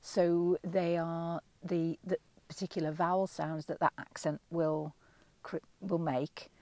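A woman's voice: on the low side, flat delivery, measured pace, a little mellow, no room sound. A middle-aged woman from England, a vocal coach, answering interview questions in a thoughtful, explanatory way with frequent ums and self-corrections.

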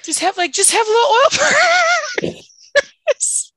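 A woman's voice: very high voice, big pitch swings, slow pace, bright, forceful tone, dry recording, poor audio. A woman with a Chicago accent co-hosting a podcast in casual chat, laughing often and saying "like" a lot. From Chicago area. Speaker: podcast co-host.

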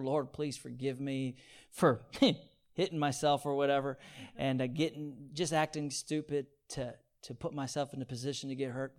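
A man preaching a sermon, asking his listeners for amens and swinging between hushed, near-whispered points and loud, pleading repetition. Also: mid-range voice. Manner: call-and-response, asking the audience for amens.

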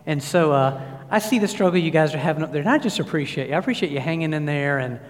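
High-voiced pastor in a reverberant church. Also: male voice, quick pace. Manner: animated storyteller, many fillers and restarts. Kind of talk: sermon with personal anecdotes. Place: church sanctuary. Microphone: church sound system. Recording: long reverb of a large hall.

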